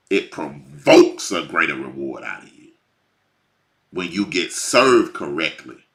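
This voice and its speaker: A man preaching informally, swinging from hushed lines to near shouting. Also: rumbling low, very animated, slow, gravelly. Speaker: bible teacher.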